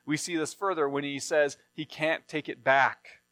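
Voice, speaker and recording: A man reads a Bible passage and then teaches on it in a plain, explaining sermon style. His voice sits a little high for a man. The sound is dry and close, with no room around it. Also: steady tone, normal speed, a bit bright, no room sound. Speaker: preacher.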